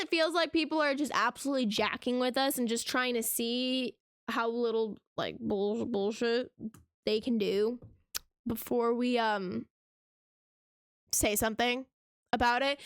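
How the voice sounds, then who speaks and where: A woman's voice: on the high side, a little slow, long pauses, clean tone, no echo, studio quality. A young woman hosting a reaction channel, ranting casually to camera in a sarcastic, exasperated way, full of rhetorical questions.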